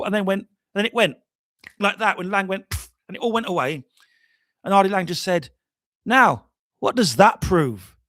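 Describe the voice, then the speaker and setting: A jet-lagged man hosting a casual livestream chat, telling stories in an animated way, trailing off and restarting often. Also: sits high, no echo, clean studio sound. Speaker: livestream host.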